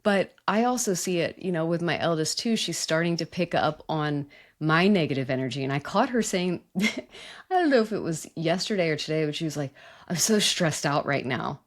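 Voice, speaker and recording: A woman's voice: low voice, animated, fairly quick. A woman in her thirties hosting a casual podcast chat, talking reflectively with lots of "like" and "you know". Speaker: podcast host.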